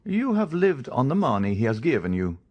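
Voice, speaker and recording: A man's voice: medium pitch, sing-song, fairly quick, darkish tone, muffled recording, pitched above the performer's own voice. A man reading the part of a stern, commanding count disguised as a priest, questioning in an audiobook. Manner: commanding, interrogating.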